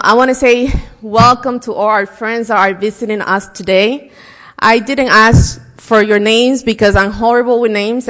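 A woman's voice: a little high, fairly bright tone. A middle-aged woman hosting a church service, chatting personally as she welcomes everyone. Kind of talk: casual welcome speech. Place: church sanctuary. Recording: long reverb of a large church hall.

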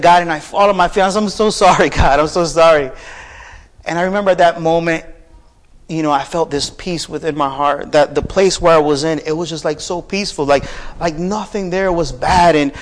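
A man preaching a sermon, telling a personal story softly and then rising into fervent preaching. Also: a little high. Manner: builds from soft storytelling to raised, fervent preaching.

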